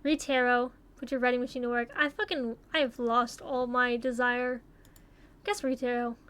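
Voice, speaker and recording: Chatty, high-voiced young woman. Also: little pitch movement, normal speed, fairly bright tone, clear, resonant tone. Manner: chatty, swears casually, muses aloud. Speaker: YouTuber taking online quizzes. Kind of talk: casual commentary while playing.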